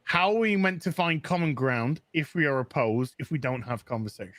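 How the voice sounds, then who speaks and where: A man's voice: mid-range voice, brisk, dry recording. A man with a New Zealand accent, chatting and joking as a guest on a livestream call. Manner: joking, teasing, lively. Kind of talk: casual chat.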